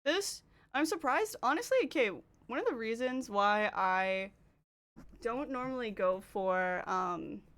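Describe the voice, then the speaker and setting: Chatty Canadian woman streaming, slightly high. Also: animated, a little slow, a bit bright. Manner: chatty, reads and answers chat. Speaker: livestreamer. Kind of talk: casual stream chat while doing makeup.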